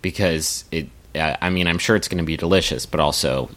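A man's voice: very deep voice, a little fast, fairly bright tone. A man co-hosting a comedy podcast, rambling and swearing as he enthusiastically plugs a sponsor. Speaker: podcast co-host. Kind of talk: casual comedy chat.

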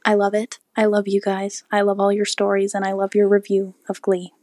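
A woman's voice: medium pitch, completely flat delivery, fairly quick, darkish tone, no echo, clean studio sound. A seventeen-year-old girl from Canada leaving an earnest, gushing voicemail for a podcast. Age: teens. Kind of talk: voicemail message.

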